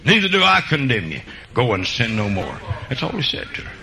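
A man preaching a sermon and telling folksy country stories, jumping between loud high bursts and low quiet asides. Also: wildly swooping pitch, fairly quick, vocal fry, crowd noise, rough recording.

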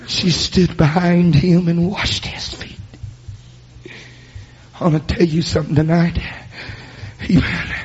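A man preaching a sermon, building into loud shouted, chanted passages. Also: on the high side, little pitch movement, slow pace, long pauses, slightly rough, lo-fi sound.

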